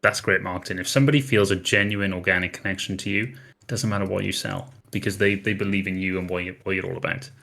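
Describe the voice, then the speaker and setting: Male panel guest with a very low, bright, forceful voice, confident and preachy. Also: fairly even intonation, fast, vocal fry. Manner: confident, lecturing, emphatic. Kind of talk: casual panel chat.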